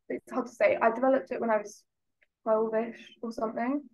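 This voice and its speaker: Here the same UK podcast guest speaks at a moderate pace in a higher, steady voice with a somewhat dark tone. She's hesitant in this casual interview, leaning heavily on fillers like "like" and "I don't know," and the audio quality is poor.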